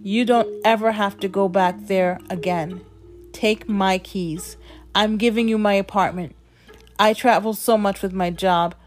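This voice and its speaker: A woman voicing her kind, protective brother who reassures her gently. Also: medium pitch, steady tone, a little slow, faint music behind, close to an everyday voice. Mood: tender.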